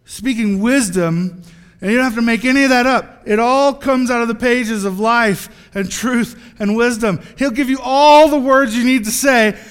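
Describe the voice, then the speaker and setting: A man preaching a sermon in an animated, joking way, acting out little scenes as he goes. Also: extremely high pitch, normal speed, clear, resonant tone, long reverb tail.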